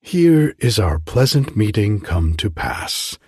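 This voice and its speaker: An ancient, withered crone, as a male storyteller puts her on speaks in slow, archaic, commanding phrases. Her voice sits deep and very husky. The storybook recording is dry and close. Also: big pitch swings, a little mellow, dry recording, exaggerated voice. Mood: ominous. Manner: slow, archaic, ominous speech.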